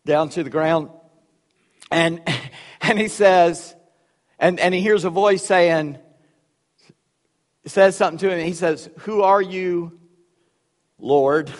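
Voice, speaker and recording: A male pastor preaching a sermon in a church, animated and conversational, with humorous asides. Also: a little high, unhurried, long pauses, long reverb tail.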